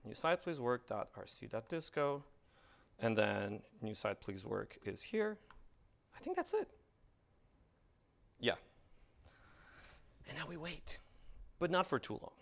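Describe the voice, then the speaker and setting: Brief: male presenter, gravelly and animated, live-demo rambling, self-deprecating asides to a meetup crowd. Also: medium pitch, measured pace, pauses often. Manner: rambling, self-deprecating, thinks aloud while typing. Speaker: presenter giving a tech talk. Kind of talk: live coding demo talk. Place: meetup room in front of an audience.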